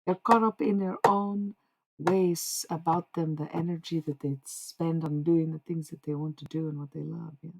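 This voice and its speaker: Gravelly, husky-voiced woman streamer. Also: sits low, steady tone, normal speed, a little mellow, poor audio. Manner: meandering, talks to chat, trails off. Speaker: livestreamer. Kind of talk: rambling livestream chat.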